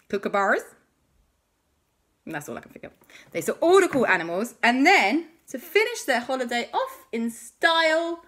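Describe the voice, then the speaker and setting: A woman's voice: medium pitch, a bit bright. A woman hosting a children's show, improvising a bedtime story with chatty, playful asides to the listeners.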